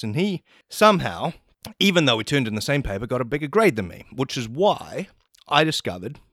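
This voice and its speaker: A man spins a rambling comic story and swears freely as he goes. His voice is bright and crisp, and his pitch leaps around as he tells it. He is recorded close, with a dry sound. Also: no room sound. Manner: profane, rambling, animated. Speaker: comedy podcast host.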